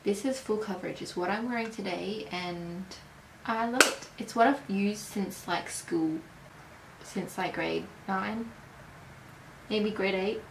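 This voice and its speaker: Slow, chatty young woman in a roomy space. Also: medium pitch, vocal fry, background noise. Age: early 20s. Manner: chatty, rambling, unhurried with hesitations. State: tired. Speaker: beauty vlogger. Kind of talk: casual product review. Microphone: camera mic. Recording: roomy echo.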